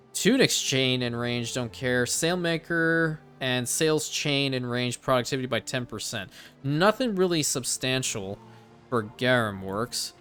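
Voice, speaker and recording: Guy with a bright punchy voice talking thru his city builder game, cussing a bit, soft music under it. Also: mid-range voice, clean tone. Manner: thinks aloud, casual swearing. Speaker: let's play host. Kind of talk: casual gameplay commentary.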